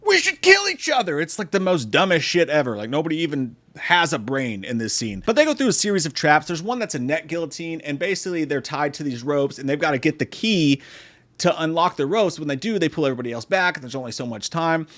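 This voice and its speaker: A man's voice: on the high side, animated, fast, a bit bright. A man giving a casual comedic film review, sarcastic and profane, who often slips into mocking impressions. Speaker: movie review host.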